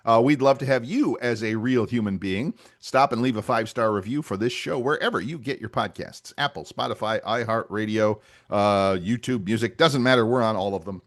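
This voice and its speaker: A man co-hosting a casual podcast, talking in a relaxed way with frequent fillers and restarts. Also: lowish voice, normal speed, few pauses. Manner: relaxed, hesitant with many fillers. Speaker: podcast co-host. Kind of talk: casual chat.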